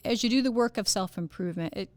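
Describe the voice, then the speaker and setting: On a dry recording, this woman speaks quickly at a medium pitch. As a wellness podcast host, she keeps the motivational talk casual and lively, sprinkled with fillers and laughter, and slips into silly voices whenever she quotes someone.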